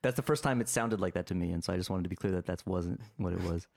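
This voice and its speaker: A man's voice: low voice, fast talker, creaky, a little mellow. A man hosting a podcast in casual chat, rambling with frequent restarts and fillers. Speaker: podcast host.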